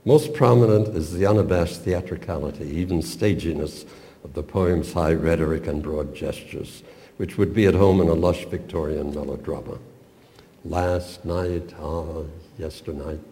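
An older man giving a measured, professorial talk on a poem, with small stumbles now and then. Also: low voice, warm tone. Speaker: literature lecturer. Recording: long reverb, roomy hall.

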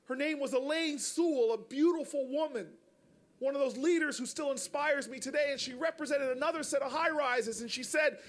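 A man giving a storytelling speech to an audience. He talks in an animated way, sometimes raises his voice, and repeats words. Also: extremely high pitch, a little fast. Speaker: public speaker.

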